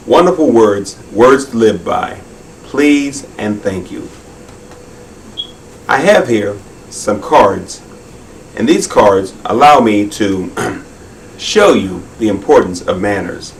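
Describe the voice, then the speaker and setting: A man's voice: on the low side, recorded from a distance, low-quality recording. Man, magician host, kids' TV patter, friendly and instructive, a bit off-mic, faint hum behind. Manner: friendly, instructive, talks straight to viewers. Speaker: magician host of a children's show. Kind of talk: children's TV magic show patter.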